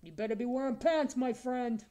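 A man's voice: very high-pitched, normal speed, warm tone. A man voicing a crude, lonely, self-admiring male creature with razor teeth, taunting strangers in an improvised comedy video chat.

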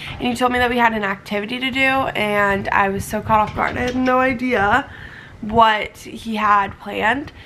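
A woman's voice: mid-range voice, fairly bright tone. A woman in her twenties chatting casually and upbeat to her vlog camera from her bedroom at home. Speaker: vlogger. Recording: noisy background.

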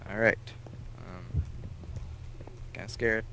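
A young man playing a game with a friend in casual chat, excitable and prone to sudden yells. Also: lowish voice, takes it slowly, background noise. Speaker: co-player. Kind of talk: casual let's-play chat.

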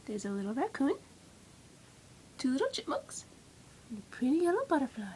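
A woman reading a children's picture book aloud, adding soft, chatty asides about the pictures. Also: sits high, sing-song, moderate pace, a little hiss or hum. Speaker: storybook reader.

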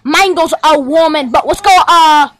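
A woman improvising a rowdy play-acted scene in many voices, shouting out and hurling insults. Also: sits high, normal speed.

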